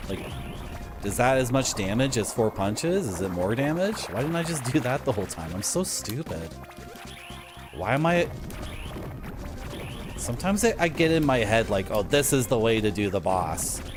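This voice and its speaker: A man's voice: medium pitch, big pitch swings, moderate pace, pauses often. A young man, chatting in a self-mocking way to his viewers while playing a game at home. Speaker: streamer. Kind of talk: casual gameplay commentary. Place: home streaming room with a game shelf. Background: retro game music.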